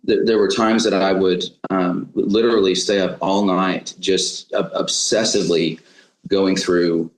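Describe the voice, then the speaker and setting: A man speaking as a podcast guest, reflective and halting, with many restarts and fillers. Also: low voice, fairly even intonation, echoey room, poor audio. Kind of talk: reflective interview talk.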